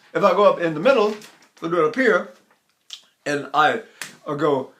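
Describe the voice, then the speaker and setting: An older man teaching vocal technique, talking through ideas and breaking into loud sung vowels and syllables to demonstrate. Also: a little high, lively intonation, moderate pace. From United States.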